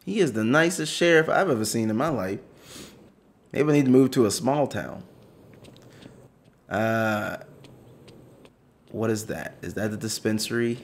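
A man's voice: on the low side, unhurried, pauses often. A young man casually commentating a story video game for viewers, joking and chatting to them. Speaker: gaming YouTuber. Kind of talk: let's play commentary.

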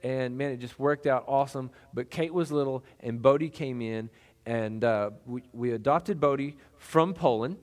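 A man's voice: mid-range voice, normal speed. A middle-aged male pastor preaching a sermon in a conversational, folksy way, with lots of fillers and restarts.

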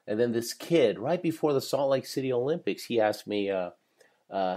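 A man's voice: mid-range voice, expressive, normal speed, mellow. A man in his fifties, a professional speaker, telling his life story in a podcast interview with energy and frequent laughter. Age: 50s.

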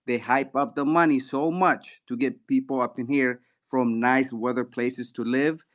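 A man's voice: medium pitch, fairly even intonation, unhurried. A man arguing bluntly and dismissively in a heated political debate.

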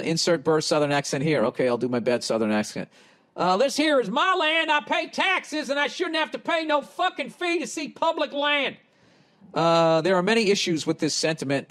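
Profane guy reading mail. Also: on the high side. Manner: profane, sarcastic asides. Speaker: podcast host. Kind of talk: reading listener letters and riffing.

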